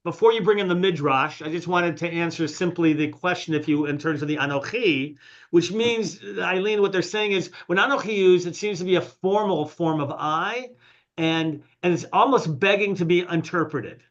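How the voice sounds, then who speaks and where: A man's voice: sits high, moderate pace, a bit bright. A man leading an online study class, calling on people to read aloud and asking them questions, with lots of fillers. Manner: calls on students to read, asks questions, fillers. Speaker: class leader. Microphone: video call. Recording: slightly muffled video call audio.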